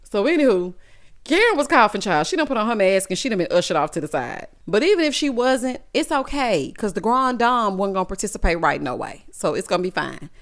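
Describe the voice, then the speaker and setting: Sassy animated woman recapping TV. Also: medium pitch, fairly quick. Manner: sassy, animated, acts out quotes of cast members. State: recovering from illness. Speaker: recap vlogger. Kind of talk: casual TV recap commentary.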